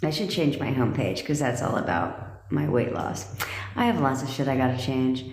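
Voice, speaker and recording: A woman's voice: extremely low pitch, big pitch swings, normal speed, a little mellow. A woman coach talking casually and bluntly to her livestream viewers, swearing freely and laughing often, recorded on a phone at home. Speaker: manifestation coach. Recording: echoey room.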